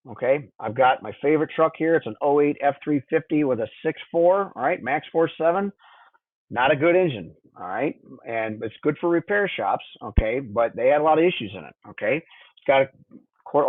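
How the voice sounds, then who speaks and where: A diesel technician instructor with a slightly high voice teaches engine diagnostics in a chatty webinar, checking in with "okay?" and "would you agree?" The audio has no echo and is dry and tinny, much like a phone line.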